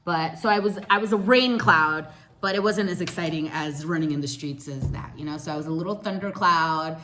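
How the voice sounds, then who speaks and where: Bright-voiced woman doing a storytime vlog, slangy and animated, cracking herself up. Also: low voice, a little fast, slight background noise. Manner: animated, slangy, laughs as she tells it. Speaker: vlogger telling a story. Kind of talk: casual storytime.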